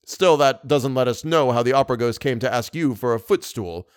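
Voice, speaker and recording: A man's voice: medium pitch, a little fast, no echo, natural voice. A man voicing an amused, mocking middle-aged theatre manager. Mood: insistent. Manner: mocking, dry.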